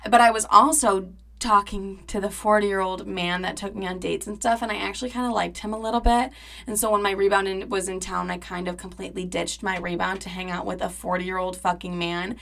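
A young woman in her twenties talks through a personal story on her podcast. Her voice is bright and crisp. She is chatty and dramatic, leans on "like" constantly, and swears freely. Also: medium pitch, flat delivery, fairly quick. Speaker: podcast host. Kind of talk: casual storytelling monologue.

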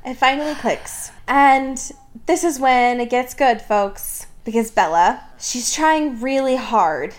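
A woman co-hosting a casual chat, recapping scenes with lots of laughter and quick mock character voices. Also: sits high. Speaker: podcast co-host. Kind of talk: casual book discussion chat.

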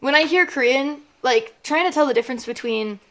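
In a brisk, high, slightly bright voice, a young woman on a podcast she co-hosts keeps up a casual chat, rambling and leaning on fillers.

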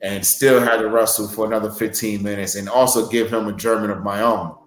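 Earnest low-voiced wrestler, echoey room. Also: male voice, steady tone, brisk, soft background music. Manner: earnest, rambling with many fillers. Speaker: pro wrestler guest. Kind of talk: podcast interview storytelling.

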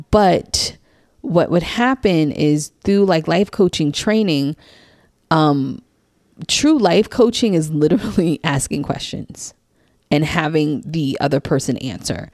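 A woman with a low voice tells a personal story in a casual, chatty monologue. She slips into lively voices for the people she quotes and keeps saying "like". The sound is dry and close. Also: slow pace, dry recording. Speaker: life coach and psychic reader.

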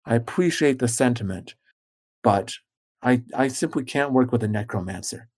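A man voicing a stern, guarded woman of faith who speaks in a measured, stiff way. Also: mid-range voice, lively intonation, darkish tone, close to an everyday voice.

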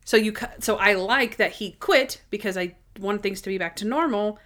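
A woman's voice: mid-range voice, moderate pace, a bit bright. A young woman co-hosting a casual chat, recapping episodes in a chatty way. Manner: chatty, acts out scenes in voices.

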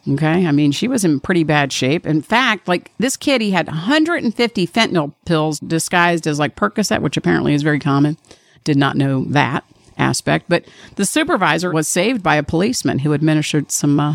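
A woman's voice: low voice, gravelly, dry recording, studio quality. A woman hosting a podcast, giving blunt, sarcastic commentary with heavy swearing. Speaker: podcast host. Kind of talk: casual opinionated commentary.

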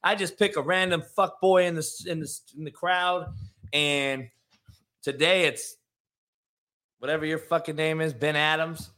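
A man's voice: fairly high pitch, steady tone, unhurried, pauses often, pushed and bright. A man hosting a solo sports talk show, ranting in a brash, profane, combative way and talking to his live chat viewers. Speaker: show host.

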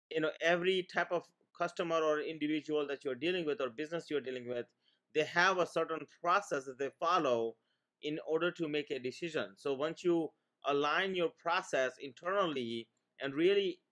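A man's voice: on the high side, fairly bright tone. Rambling middle-aged man from India. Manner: rambling, many restarts and fillers. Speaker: podcast guest, financial planner. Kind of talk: casual interview chat.

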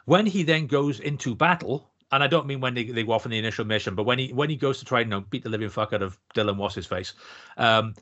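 A man co-hosting a podcast, ranting fast and swearing about a film. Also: mid-range voice, a bit bright. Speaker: podcast co-host. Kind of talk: casual film review chat. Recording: dull lo-fi audio.

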